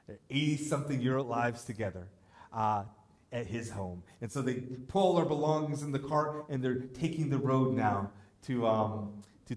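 Storytelling pastor in an echoey church. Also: male voice, medium pitch. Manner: conversational storytelling preacher. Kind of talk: sermon.

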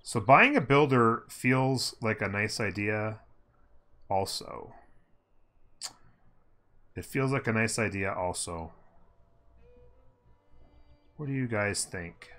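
Bright-voiced man narrating a strategy game. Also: fairly low pitch, lively intonation, slow pace, pauses often. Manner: upbeat, thinking aloud, hums while playing. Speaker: gameplay commentator. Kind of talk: casual strategy-game commentary.

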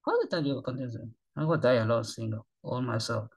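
Halting man in his thirties. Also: a little high, rough recording. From Japan. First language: Japanese. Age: 30s. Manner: halting broken English, often trailing off softly. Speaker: reaction video host. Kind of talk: rambling casual monologue.

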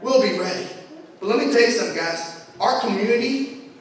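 High-voiced young preacher in a hall. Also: male voice, animated, fairly quick. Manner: preaching with rising fervor and repeated refrains. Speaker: pastor. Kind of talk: sermon. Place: large echoey church sanctuary. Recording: echoey hall, voice from far off.

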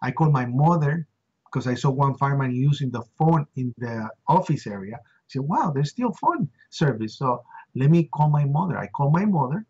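A man's voice: expressive, normal speed, a little mellow, slightly rough. A middle-aged man from Puerto Rico recounting an eyewitness story with emotion, acting out the voices of people he quotes. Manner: acts out quoted voices with rising pitch. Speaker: interview guest. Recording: dull lo-fi recording.

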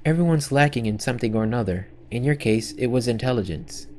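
A man voicing a blunt, dismissive young man in a game dub, flat and cutting. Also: mid-range voice, fast, slight background noise, lightly acted. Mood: cold.

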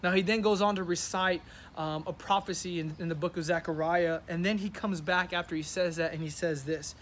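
High-voiced earnest male youth pastor. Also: a little fast, slight background noise. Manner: earnest, animated, acts out disciples' questions. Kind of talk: sermon.

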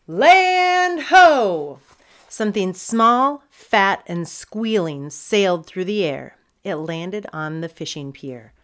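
A woman who is a children's author, reading her chapter book aloud as an expressive storyteller. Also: on the low side, slow, few pauses.

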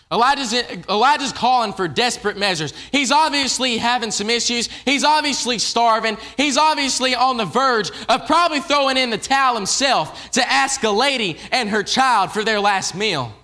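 A man's voice: very high voice, moderate pace, hardly any pauses, pushed and bright. A man preaching a casual evening sermon in a church, talking conversationally and often restarting his phrases.

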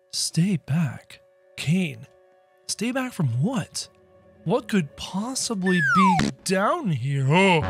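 A man giving excitable gameplay commentary with role-play, often breaking into shouts. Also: high-pitched. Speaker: gamer playing as a character.

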